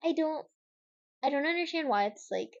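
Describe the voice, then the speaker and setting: A woman's voice: sits high, expressive, normal speed, no room sound, highs cut off. A woman co-hosting a casual podcast, reading online comments aloud and swearing casually. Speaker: podcast co-host. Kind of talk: casual chat.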